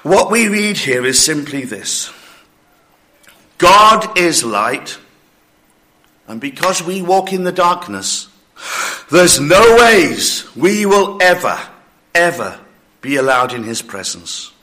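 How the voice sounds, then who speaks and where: Male preacher, breathless and coughing, slow emphatic sermon, fairly high bright voice. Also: very animated. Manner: slow, emphatic preaching with acted-out listener objections.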